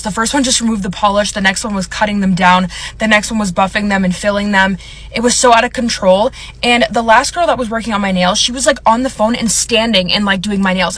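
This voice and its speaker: A woman's voice: medium pitch, fairly bright tone. A young woman telling a rambling storytime about a bad nail appointment, upset and close to tears, filling her talk with "like". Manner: rambling, filler-heavy, upset. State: on the verge of tears. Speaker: content creator. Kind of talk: storytime vlog.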